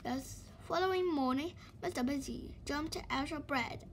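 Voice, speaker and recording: Brief: woman storyteller, high voice, expressive children's book read-aloud. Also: normal speed, slight background noise. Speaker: storybook reader.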